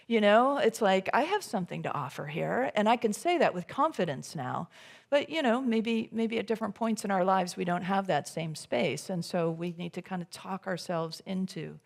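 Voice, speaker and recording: Speaking at medium pitch with vocal fry, a woman gives an easygoing sermon during a church service in the sanctuary. She rambles with fillers, restarts often, and voices her own private thoughts as if quoting herself.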